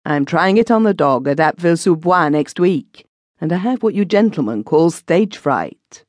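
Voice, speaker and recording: A woman's voice: low voice, darkish tone, dry recording. A woman reading the part of a burly, grim former male executioner who speaks formally and solemnly, in an audiobook.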